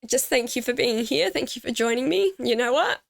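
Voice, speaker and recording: A woman's voice: on the high side, expressive, a little fast, creaky, dry recording, studio quality. A woman hosting her gaming channel, talking to camera in a heartfelt, casual way, teary and grateful. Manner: emotional, teary, grateful, with soft laughs.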